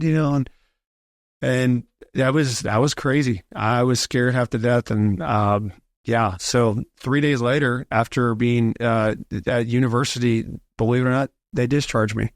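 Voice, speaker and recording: A man's voice: mid-range voice, moderate pace, dry recording. Man telling a story in a dry studio. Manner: animated, acts out quoted voices in his story. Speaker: podcast guest. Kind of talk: casual storytelling.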